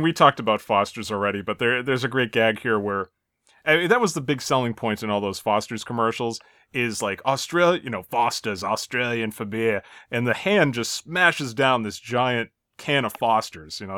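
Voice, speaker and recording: A man's voice: medium pitch, lively intonation, moderate pace, fairly bright tone, no room sound, studio quality. A man co-hosting a podcast in casual chat, recapping scenes in a chatty way. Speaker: podcast co-host.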